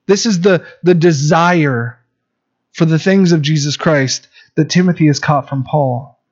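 Man, pastor, sermon, earnest and conversational, slightly high voice, dull lo-fi recording. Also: measured pace, darkish tone. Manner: earnest, conversational preaching with many restarts.

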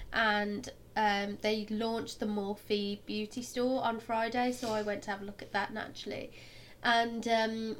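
A young woman, co-hosting a casual chat and telling stories in a lively, animated way. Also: medium pitch, slight background noise. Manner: chatty, animated storyteller who mimics people loudly. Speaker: podcast co-host.

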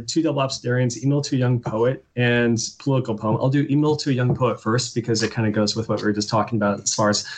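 A man, a poet appearing as a guest, talking bluntly and wryly in casual conversation and reading his own poems aloud. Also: mid-range voice. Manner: blunt, opinionated, wry.

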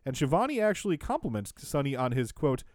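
Man, podcast co-host, sarcastic, animated pitch, dry sound. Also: brisk, no echo. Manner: sarcastic, wry, laughs often. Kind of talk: casual recap chat.

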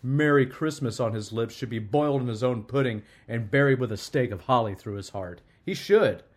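A man voicing Scrooge, a grumpy, miserly old man, who speaks loudly and indignantly in a storybook reading. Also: medium pitch, lively intonation, moderate pace, close to an everyday voice.

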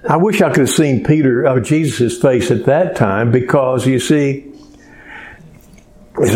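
A man's voice: medium pitch, unhurried, pauses often, darkish tone. A male pastor preaching a folksy, conversational sermon full of rhetorical questions to his congregation.

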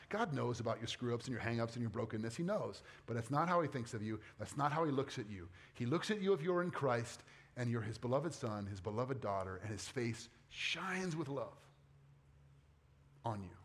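A middle-aged pastor delivers a sermon in a friendly, conversational way. His voice sits a bit high for a man. He keeps turning to the congregation with questions.

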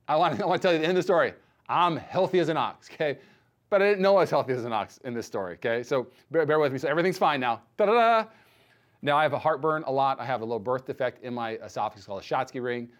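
A man in his thirties preaching a sermon as pastor, telling a personal story with animated acted-out dialogue. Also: mid-range voice. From United States. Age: 30s. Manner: animated storytelling, acts out quoted voices.

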